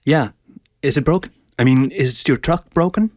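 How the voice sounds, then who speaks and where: A man's voice: medium pitch, moderate pace, a little mellow, no room sound, clean studio sound, voice pushed up, lightly acted. A man voicing a shy, flustered young female student who stammers nervously.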